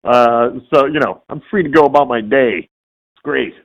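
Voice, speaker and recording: A man's voice: mid-range voice, moderate pace, muffled recording. A man, a voice actor guest in a casual interview, telling stories and acting out the voices of people he quotes. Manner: animated storyteller who acts out quoted voices.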